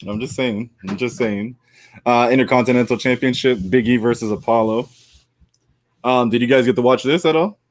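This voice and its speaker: A man co-hosting a wrestling podcast in casual chat, animated and argumentative, often laughing. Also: medium pitch, normal speed. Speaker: podcast co-host.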